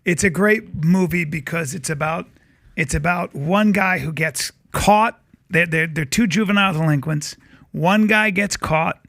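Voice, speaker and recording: A man talking as a podcast guest, telling a film story in an animated way and acting out the characters' lines. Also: on the high side, unhurried, no echo. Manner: acts out film scenes with shouted voices.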